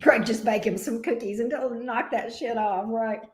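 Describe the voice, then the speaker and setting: A woman's voice: on the high side, fairly quick, soft background music. A woman, a tarot reader chatting casually and profanely on a live stream from her home office. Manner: profane, chatty, self-mocking.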